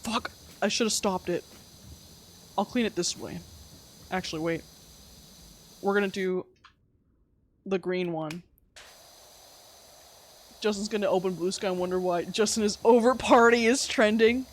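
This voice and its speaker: A woman's voice: mid-range voice, unhurried, pauses often, slight background noise. A young woman live-streaming a game, chatting casually and teasing her chat with frequent giggles.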